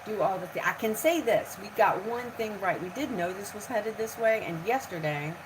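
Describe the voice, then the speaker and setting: A middle-aged homestead vlogger hosts a casual live chat with viewers from her kitchen, chattering nervously and talking herself through worry. Her medium-pitched voice is animated and at normal speed, with background noise behind it.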